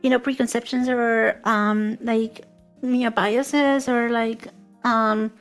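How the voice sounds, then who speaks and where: A woman with a fairly high voice asks questions and rambles through her answers in a casual chat. She clears her throat often and fills pauses with lots of fillers. Faint music sits behind her. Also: steady tone. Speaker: guest interviewer.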